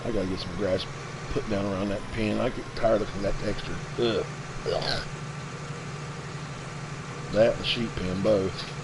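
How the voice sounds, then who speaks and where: Man, 50s, gravelly, rambling gameplay chat, halting restarts, noisy home recording with engine sounds. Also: fairly low pitch, fairly even intonation. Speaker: let's play streamer. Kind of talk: casual gameplay commentary.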